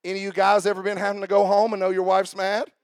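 A man preaching a sermon in church, swinging between shouted exhortation and quiet joking asides. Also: high voice, completely flat delivery, quick pace, no echo, studio quality.

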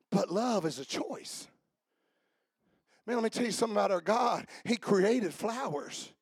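A man preaching a sermon, swinging from shouted fiery passages to quiet asides. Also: high voice, husky, no echo, studio quality. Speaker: pastor.

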